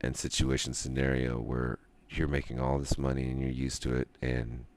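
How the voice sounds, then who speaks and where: A man with an extremely low, gravelly voice rambles through a stream monologue. He rants and muses, trailing off into long pauses between thoughts. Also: level tone, a little mellow. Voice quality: very deep gravelly voice. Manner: ranting, musing, drawn-out pauses.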